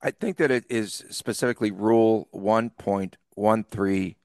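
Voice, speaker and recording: A man from the East Coast co-hosting a sports podcast, chatting casually and telling animated stories with frequent laughs. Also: fairly low pitch, measured pace, dry recording, clean studio sound. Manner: laughs often, animated storyteller. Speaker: podcast co-host.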